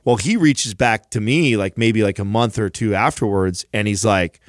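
A man co-hosts a fitness podcast, chatting casually and telling stories while acting out the voices of the people he quotes. His voice is fairly low and moves at a normal speed. The studio-quality recording has no echo.

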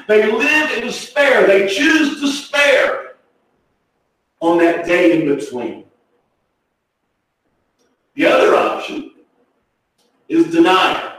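A man preaching a sermon, swinging from hushed, slow phrases to shouted ones. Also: very high voice, animated. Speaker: pastor. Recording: echoey hall from far off.

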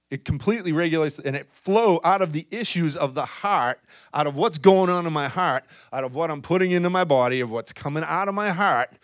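A man preaching a charismatic sermon, swinging between loud exhortation and soft, intimate asides, often adding "come on" and "right?". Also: on the high side, no echo, clean studio sound. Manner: peppers talk with "come on" and "right?".

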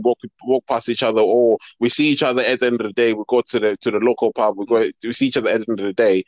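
A man's voice: mid-range voice, fairly even intonation, fast, no room sound, highs cut off. A young man, talking emphatically in slangy casual chat as a podcast co-host.

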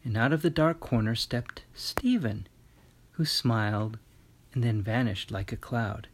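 A man reads a storybook tale aloud, his voice husky with a touch of breath. He tells it in a gentle, measured way. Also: medium pitch. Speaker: narrator. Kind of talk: storybook narration.

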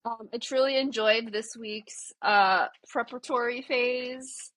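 A woman's voice: fairly high pitch, steady tone, slow pace, fairly bright tone, no room sound. A woman co-hosting a podcast, chatting thoughtfully and sometimes restarting her phrases. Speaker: podcast co-host. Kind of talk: casual podcast chat.

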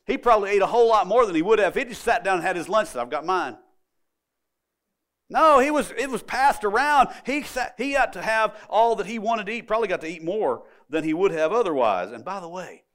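A middle-aged preacher delivers a sermon in a folksy, storytelling way. His fairly high voice swings widely in pitch as he acts out the lines he quotes. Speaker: pastor.

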